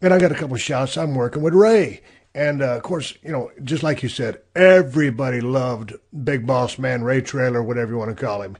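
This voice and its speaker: A middle-aged man with a husky voice at an ordinary pitch, hosting a podcast. He tells his own road stories in a laid-back, rambling way and swears freely. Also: brisk, a little mellow. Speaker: podcast host. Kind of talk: casual storytelling. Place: podcast studio.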